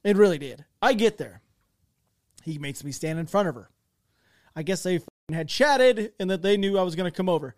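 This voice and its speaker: A man's voice: high voice, lively intonation, moderate pace, no echo, studio quality. A young man telling a military story on a podcast in a rambling, self-interrupting way, acting out the voices in it. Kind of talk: casual storytelling chat.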